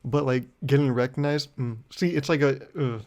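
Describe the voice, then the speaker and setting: A man's voice: medium pitch, steady tone, normal speed, a little mellow. Young man, podcast host, rambling, self-mocking, laughs often, mock-indignant rants. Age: young adult. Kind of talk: casual solo podcast monologue.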